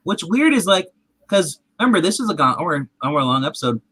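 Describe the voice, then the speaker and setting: A man hosting a casual show, retelling a TV episode in an animated, rambling way with restarts. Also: a little high, a little fast, slightly rough, no echo. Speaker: podcast host. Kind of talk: casual chat recapping a TV episode.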